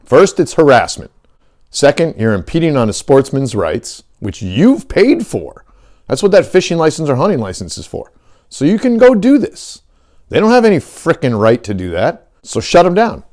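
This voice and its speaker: A man's voice: medium pitch, big pitch swings, normal speed, darkish tone. A middle-aged man hosting a fishing channel, talking in a heated, blunt and profane way in a casual rant. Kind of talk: casual ranting vlog.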